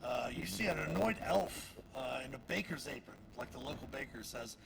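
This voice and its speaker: A man narrating a tabletop game as game master, full of fillers and pauses. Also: medium pitch, lively intonation, creaky, noisy background. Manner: halting narration with many fillers. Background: background music.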